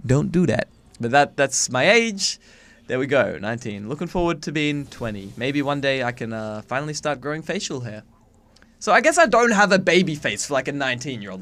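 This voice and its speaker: Young guy, faint Aussie accent, slightly high voice, cheeky, swears a lot, webcam vlog. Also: fairly bright tone. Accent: faint, watered-down Australian. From Australia. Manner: chatty, swears freely, self-mocking. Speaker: YouTuber. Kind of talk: casual chat to camera.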